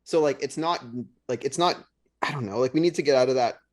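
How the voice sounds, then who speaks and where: A man's voice: mid-range voice, fairly quick. Rambling young man, plain voice. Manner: rambling, filler-heavy, blunt. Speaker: podcast co-host. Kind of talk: casual chat.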